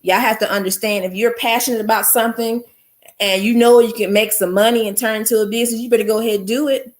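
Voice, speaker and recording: A woman's voice: on the high side, fairly even intonation, fast. A woman hosting a casual livestream, talking to her viewers in an effusive way and repeating her exclamations. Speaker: livestream host.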